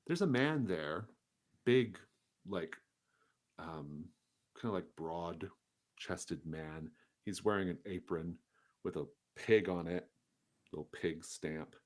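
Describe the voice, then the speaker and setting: Man, very low voice, game master, descriptive tabletop narration. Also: lively intonation, takes it slowly, pauses often. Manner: descriptive, with fillers and restarts.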